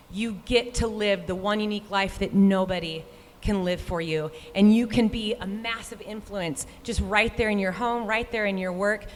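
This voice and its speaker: A woman speaking from a stage at a live event, telling a personal story in an earnest, heartfelt way and voicing her own past thoughts aloud. Her voice sits mid-range and carries the long reverb of a big hall. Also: medium pitch. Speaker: professional runner and guest speaker.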